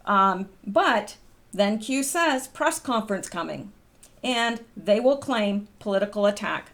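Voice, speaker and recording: A woman's voice: mid-range voice, a bit bright. A middle-aged woman from the United States hosting her own channel, reading posts aloud and chatting in a rambling way with lots of ums. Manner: chatty, rambling, wanders off topic with filler ums. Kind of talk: casual commentary vlog.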